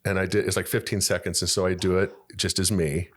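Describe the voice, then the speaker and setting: An older man with a very deep voice, talking in a loose, joking way as he rambles through his stories. He is a podcast guest at a studio microphone. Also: flat delivery, fast talker. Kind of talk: casual chat.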